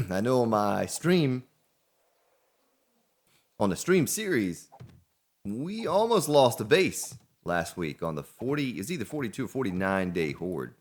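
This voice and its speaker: Deep-voiced man rambling over gameplay. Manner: rambling, talks to himself. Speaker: gaming let's play host. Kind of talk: casual gameplay commentary.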